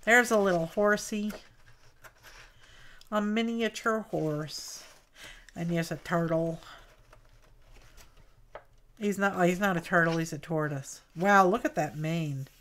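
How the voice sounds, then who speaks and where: Slow-talking woman cooing over happy mail. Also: fairly low pitch, a bit bright. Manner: cooing and chatty, greets viewers by name. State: a little tired. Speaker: craft livestream host. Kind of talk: casual chat opening mail.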